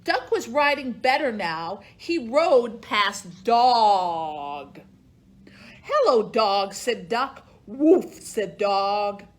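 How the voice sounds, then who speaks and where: A woman's voice: mid-range voice, expressive, drawn-out words. A woman librarian reading a picture book aloud to children, in a sing-song storytime voice that acts out the animals.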